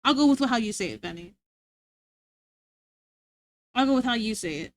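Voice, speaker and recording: A woman's voice: on the high side, lively intonation, moderate pace, a little hiss or hum. A young woman livestreamer chatting casually with her viewers, rambling and often giggling.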